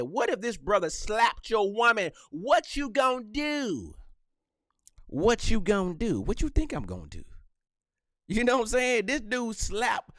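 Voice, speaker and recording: A young man hosting a live podcast, riffing in slang with an animated, joking manner. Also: fairly high pitch, no room sound, studio quality. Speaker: podcast host.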